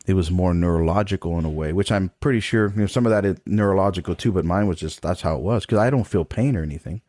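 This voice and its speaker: This middle-aged trombone professor talks fast in a deep, mellow voice as a podcast guest, recounting a personal story with candor. He swears liberally and laughs between points. The sound is dry and studio quality.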